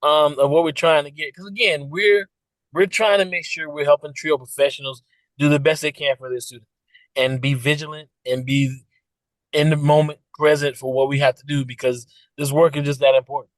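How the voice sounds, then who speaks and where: A man's voice: on the high side, fairly even intonation, brisk, dry recording, poor audio. A man who co-hosts a podcast, speaking earnestly and with emphasis as an interview guest. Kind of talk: casual interview chat.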